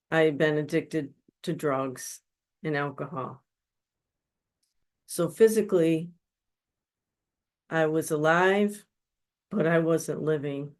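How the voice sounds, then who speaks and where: A woman giving an earnest personal testimony as a guest speaker at a webinar, telling her story in a confessional way. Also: deep voice. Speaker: guest speaker, spiritual counselor. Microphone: webinar microphone.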